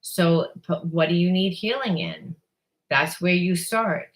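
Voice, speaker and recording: A woman's voice: fairly low pitch, lively intonation, unhurried. A woman giving a spiritual card reading, rambling and blunt, often repeating herself and swearing casually. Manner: rambling, repeats words and restarts. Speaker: psychic reader.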